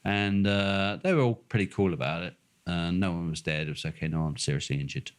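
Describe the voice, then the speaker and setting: Older Norfolk bloke, low voice, sweary storyteller who does the voices of people in his tales. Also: a little fast, clean tone. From England. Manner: swearing, laughing, acting out voices in anecdotes. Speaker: podcast co-host. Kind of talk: casual storytelling chat.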